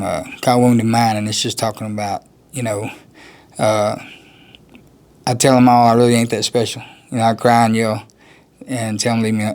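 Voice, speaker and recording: A man's voice: lowish voice, a little mellow. A man, a country musician, talking casually in an interview, rambling and laughing often. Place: outdoors at a music festival.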